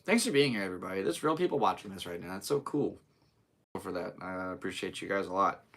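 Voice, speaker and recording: A young man with a deep, low voice and a gravelly edge, hosting a live podcast from his home. He talks in a loose, rambling, upbeat way, hopping between topics as they come to him, and he sounds like he is speaking into a laptop. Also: animated, quick pace, fairly bright tone. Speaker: podcast host. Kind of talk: casual live podcast chat.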